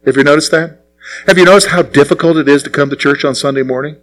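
Animated male preacher, slightly high voice. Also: fast, soft background music, rough recording. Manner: animated preaching, asks the crowd questions and answers them himself; swings between raised, punchy lines and low, quiet asides. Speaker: pastor. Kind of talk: sermon.

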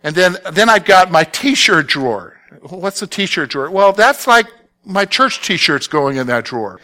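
A man's voice: high-pitched, big pitch swings, unhurried, pushed and bright. A male pastor preaching a conversational sermon, often stumbling over repeated words and checking that listeners follow him.

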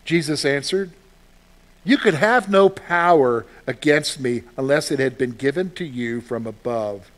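A man's voice: mid-range voice, measured pace. A man preaching a sermon as a pastor, reading scripture aloud and answering questions he poses himself, with emphatic delivery.

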